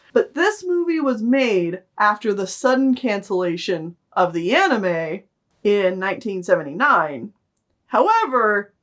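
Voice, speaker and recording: A woman co-hosting a film review podcast in casual chat, talking loosely with lots of fillers. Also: medium pitch. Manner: chatty, loose, many fillers. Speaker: podcast co-host reviewing films.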